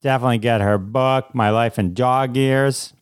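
An upbeat male podcast host with a smooth, resonant voice, recorded close and dry. He talks with eager enthusiasm and laughs easily. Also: medium pitch, steady tone, moderate pace, dry recording. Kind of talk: interview and show segments.

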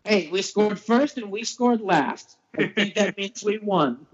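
Guy from the boston area guesting on a sports chat, rambly and relaxed, muffled lo-fi sound. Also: high voice, measured pace, breathy edge. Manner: rambling, restarts, easygoing fan talk. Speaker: podcast guest. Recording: dull lo-fi audio.

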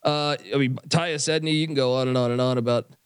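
A man's voice: medium pitch, steady tone, quick pace, clear, resonant tone, no echo. A man joining a casual sports podcast, joking around and trading banter with the hosts. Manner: joking, laughs easily.

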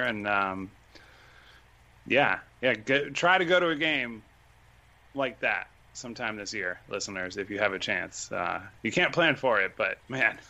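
A man talks casually as a podcast guest, with a bright, forceful tone. He rambles a little, full of fillers and restarts. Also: medium pitch, dull audio. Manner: chatty, self-deprecating, many fillers and restarts.

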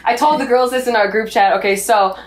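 A woman's voice: fairly high pitch, fairly quick, noisy background. A young adult woman co-hosting a podcast, telling a candid story in casual chat and swearing freely. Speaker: podcast co-host.

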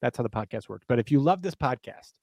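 Quick, expressive, and a little mellow, this man's medium-pitched voice carries a playful podcast ad read. As co-host he overdoes the salesman act for laughs, and the sound is dry.

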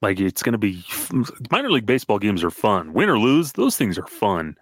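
A man's voice: on the low side, big pitch swings, a little fast, dry recording. A young man co-hosting a casual sports podcast, talking loosely with many fillers and restarts. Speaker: podcast co-host.

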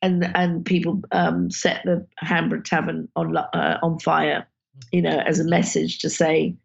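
A woman, a filmmaker guest telling animated stories in an interview and acting out the people she quotes. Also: low-pitched, a little slow, gravelly, dull audio. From Britain. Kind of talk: conversational interview storytelling.

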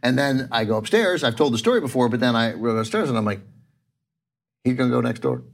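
A man's voice: medium pitch, lively intonation, quick pace, creaky. A man hosting a podcast, telling a rambling story in casual chat, laughing often and acting out what people said. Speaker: podcast host.

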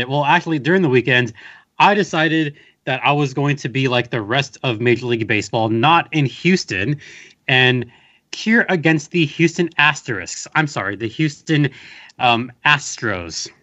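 A man's voice: a little high, animated, normal speed, fairly bright tone, dull audio. Rambling, wry Southern California man. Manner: rambling, wry storytelling with fillers. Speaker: podcast host guest. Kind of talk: casual chat.

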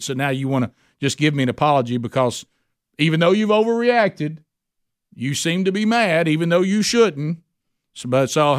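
A man's voice: on the high side, no room sound, clean studio sound. A male pastor preaching a sermon in a folksy, conversational way, often asking the listeners questions.

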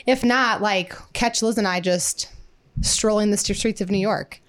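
A woman's voice: medium pitch, a little slow. Chatty young woman co-hosting a podcast. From Midwestern United States. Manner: chatty, upbeat, lots of "like" and "um". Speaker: podcast co-host. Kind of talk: casual chat.

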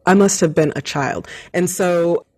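A middle-aged woman chatting casually as a co-host, telling a story with lively laughter. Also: fairly low pitch, unhurried. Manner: animated storyteller, laughs often.

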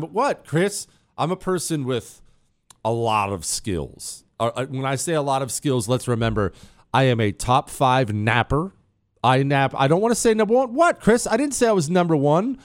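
A male talk radio host in a studio, bragging in a playful, joking way and ribbing a co-host. His voice sits at a middle pitch and sounds dry and close on the mic. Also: no echo. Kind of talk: boastful casual talk radio monologue.

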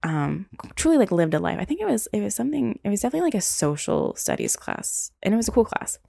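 A woman's voice: medium pitch, very animated, fast, gravelly, dark tone, dry recording, studio quality. A young woman hosting a solo podcast, telling stories casually with lots of "like" and "um". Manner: casual, rambling, frequent "like" and "um". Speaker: podcast host.

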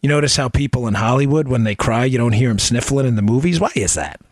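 A man's voice: mid-range voice, expressive, fast talker, no room sound. A middle-aged man talks straight into a close microphone, hosting a political podcast in an impassioned monologue. He hammers his points with repeated rhetorical questions, in a mid-range voice captured in a dry, dead room. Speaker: podcast host.

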